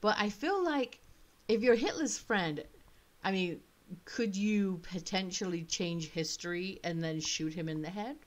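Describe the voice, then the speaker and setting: Woman, vlogger, casual chat, thinks out loud, a bit low-pitched. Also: a little slow.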